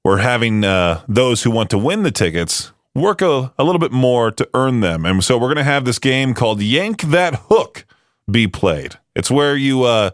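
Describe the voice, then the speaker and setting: A man's voice: mid-range voice, very animated, moderate pace, dry recording. A man hosting a radio show in a studio, chatting casually with lots of fillers and self-deprecating asides. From United States. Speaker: radio host.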